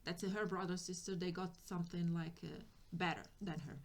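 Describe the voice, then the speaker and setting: A woman's voice: lowish voice, steady tone, fairly quick. A woman giving a tarot reading for spiritual guidance, speaking hesitantly and often restarting as she searches for words. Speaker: tarot reader.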